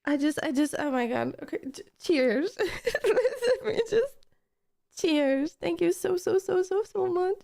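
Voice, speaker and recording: High, mellow-voiced gushing woman streamer. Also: moderate pace, gravelly, few pauses. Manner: effusive, repeating thanks over and over; gushing and emotional. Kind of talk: reaction stream chat.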